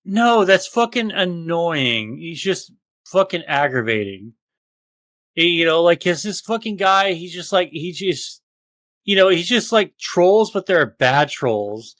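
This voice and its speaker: High-voiced man ranting profanely. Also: sing-song, measured pace, fairly bright tone, no echo. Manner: profane, ranting, mocks others in exaggerated voices. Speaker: podcast co-host. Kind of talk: casual podcast chat.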